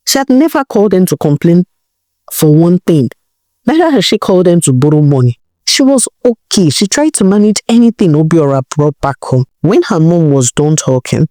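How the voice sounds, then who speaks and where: A woman narrating a folk tale in a conversational, expressive way. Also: sits low, dry recording, studio quality. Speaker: storyteller.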